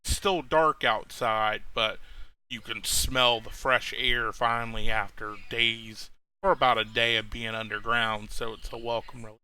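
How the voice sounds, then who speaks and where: A man's voice: medium pitch, fairly even intonation, unhurried, pushed and bright, clean tone. A man narrating as game master of a tabletop game, rambling, with many fillers and restarts.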